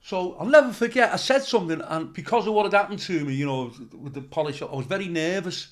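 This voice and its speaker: A man's voice: sits high, lively intonation, quick pace. A male comedian telling stories in casual chat, swearing freely and acting out other people's voices. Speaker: comedian guest.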